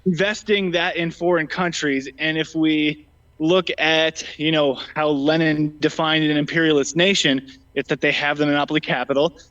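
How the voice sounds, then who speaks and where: A debate guest in a casual political discussion sounds slightly out of breath and fills his talk with ums and restarts. His voice is on the high side and fairly bright, delivered flatly at normal speed, and the recording has a dull lo-fi sound.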